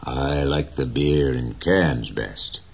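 A man voicing a gentle, dignified old fisherman in an audiobook reading, slow and measured. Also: a bass voice, husky, full character voice.

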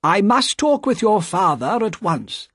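A man's voice: sits high, very animated, a little slow, fairly bright tone, husky, no echo, studio quality, voice pushed up, exaggerated voice. A man voicing an anxious elderly male banker in an audiobook, urgent and pleading.

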